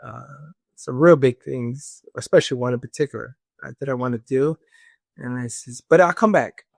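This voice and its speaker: A man's voice: medium pitch, moderate pace, creaky, no room sound, studio quality. A man telling a personal story in casual conversation, acting out the voices of others with fillers like "this and that". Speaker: guest.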